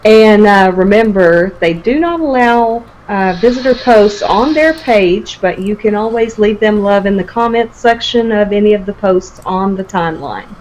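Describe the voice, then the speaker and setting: A woman's voice: mid-range voice, lively intonation, moderate pace, hardly any pauses, a little mellow, a little hiss or hum, rough recording. A woman co-hosting a casual live stream, upbeat as she announces giveaways and sponsor links. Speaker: co-host.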